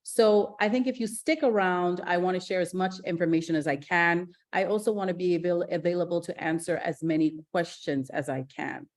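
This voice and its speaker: A middle-aged woman from Ghana, a gastroenterologist giving a lively online masterclass, chatty and energetic, with fillers and restarts. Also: lowish voice, a little fast, few pauses. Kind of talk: live online masterclass talk.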